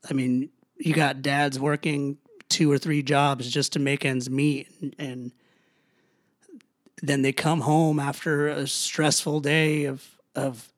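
A man with young kids hosting his own podcast, talking earnestly and haltingly with many restarts, sounding low and weary. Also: flat delivery, dry recording, clean studio sound. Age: young adult to middle-aged, a father. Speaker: podcast host. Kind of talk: personal solo podcast talk.

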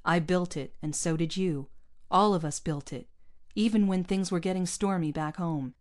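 A woman reading aloud, voicing a big older bearded man who speaks softly and solemnly. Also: fairly low pitch, close to an everyday voice. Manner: soft, solemn, measured.

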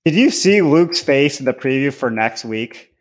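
A man's voice: medium pitch, lively intonation, normal speed. A man co-hosting a podcast, adding incredulous remarks in casual chat.

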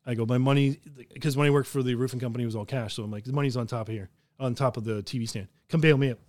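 A man's voice: medium pitch, rapid-fire, no room sound. A man from southern Ontario, hosting a podcast and telling profane stories with lots of laughter. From southern Ontario, Canada. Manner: profane, laughing, animated storyteller. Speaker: podcast host. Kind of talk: casual storytelling.

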